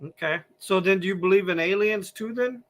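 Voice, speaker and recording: A male podcast host works through a list of numbered questions. His voice is high and bright. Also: brisk. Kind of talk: interview questions.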